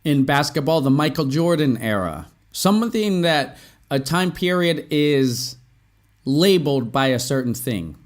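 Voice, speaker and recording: A man teaching English vocabulary, explaining phrases slowly and repeating them for learners. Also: on the high side. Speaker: English teacher and podcast host.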